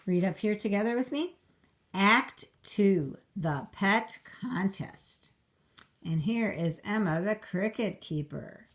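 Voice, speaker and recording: A woman teacher reading a storybook aloud to young children, slow, clear and encouraging. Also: mid-range voice, expressive.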